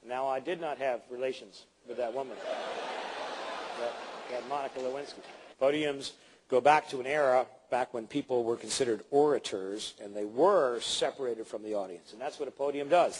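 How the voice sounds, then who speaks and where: A man's voice: mid-range voice, slight background noise. A middle-aged man teaching presentation skills in a live seminar, playfully acting out examples for his audience. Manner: animated, playful, acts out examples.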